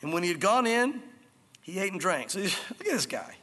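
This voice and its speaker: A male pastor preaching a sermon, telling the story in an animated way and acting out scenes. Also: sits high, normal speed. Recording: reverberant hall.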